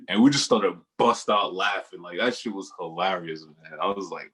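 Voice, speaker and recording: Low, husky-voiced young man telling stories. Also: normal speed. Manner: laid-back slangy storyteller, laughs often. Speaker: podcast co-host. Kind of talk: casual storytelling chat.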